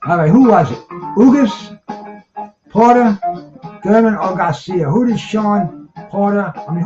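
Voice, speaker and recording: A man in his seventies hosting a live-stream trivia show, talking in a rambling, laid-back way and calling everyone "man". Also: high voice. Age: 70s. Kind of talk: casual live-stream chat. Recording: dull lo-fi sound with live band music. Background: jazz band music.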